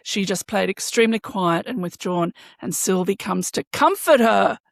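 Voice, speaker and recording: A woman's voice: mid-range voice, normal speed, creaky, no echo, clean studio sound. A woman co-hosting a podcast, chatting casually and gushing about a show with an enthusiastic fan's manner. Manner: enthusiastic, gushing fan reactions. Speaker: podcast co-host.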